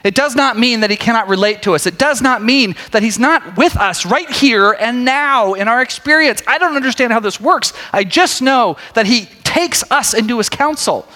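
Male preacher with a bright, sharp tone, talking casually and joking with the crowd, recorded in a reverberant hall. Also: very high-pitched, moderate pace, few pauses. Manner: conversational, animated, jokey asides. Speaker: pastor. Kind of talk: sermon.

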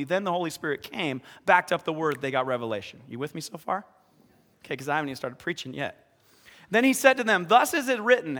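High-voiced pastor preaching in a hall. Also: male voice. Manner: lively, acts out scripture scenes with dramatic shouts. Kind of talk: sermon. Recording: long reverb of a hall.

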